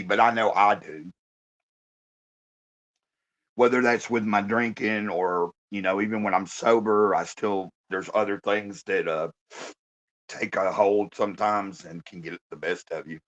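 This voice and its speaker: A hoarse man in a halting, casual live-stream check-in, talking into his phone with many pauses and fillers. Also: fairly low pitch, fairly bright tone, rough recording.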